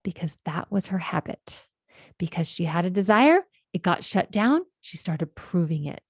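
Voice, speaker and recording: A woman's voice: lowish voice, lively intonation, moderate pace, slightly rough, dry recording, clean studio sound. A woman life coach hosting a podcast, explaining ideas in an earnest, conversational monologue and often checking in with "right?".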